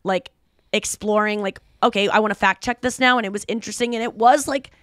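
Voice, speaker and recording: A woman's voice: medium pitch, fairly quick, no room sound, clean studio sound. A woman in her thirties hosting a podcast, telling a story in casual chat and acting out the voices of the people in it. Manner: animated storytelling, acts out quoted voices. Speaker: podcast host.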